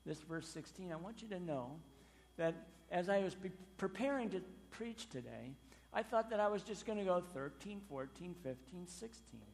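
A male pastor delivering a sermon in a church. His fairly high voice is emphatic, surging on key words and then sinking low and quiet. A long reverb from the large hall trails after every phrase. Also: animated, moderate pace. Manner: emphatic, swinging between loud stresses and quiet drops.

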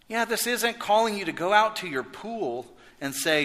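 A man preaching a sermon as pastor, swinging from loud emphasis to hushed intensity. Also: sits high, animated, normal speed. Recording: echoey hall reverb.

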